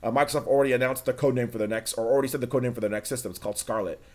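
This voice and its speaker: A man's voice: mid-range voice, steady tone, rapid-fire, a little mellow. A man hosting a livestream in a casual, rambling way, full of fillers and talking straight to his chat. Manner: rambling, filler-heavy, addresses chat directly. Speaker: livestream host. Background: faint background music.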